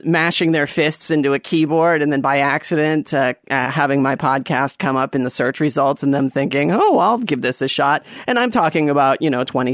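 A man hosting a podcast, telling a rambling, animated story with many fillers and restarts. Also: on the high side, no echo, studio quality. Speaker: podcast host. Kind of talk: casual storytelling monologue.

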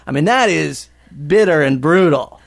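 A man's voice: fairly high pitch, lively intonation, normal speed, vocal fry, no echo, studio quality. An American man with an American accent, hosting a casual chat, asking rambling, joking questions. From United States.

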